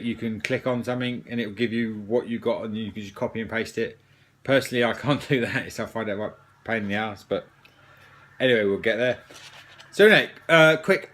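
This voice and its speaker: A man hosting a joke news bulletin, dry and offhand, reading out shout-outs. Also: medium pitch. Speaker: mock news host.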